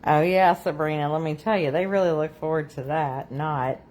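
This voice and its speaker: A woman's voice: low-pitched, fairly quick, a little mellow. A woman hosting a live crafting stream, chatting casually, laughing often and reading out viewer comments. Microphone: phone on a tripod.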